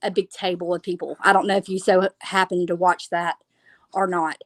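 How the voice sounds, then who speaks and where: A woman's voice: lowish voice, level tone, normal speed, no room sound. A woman calling in to a live show, friendly and using fillers. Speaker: caller. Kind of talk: call-in chat.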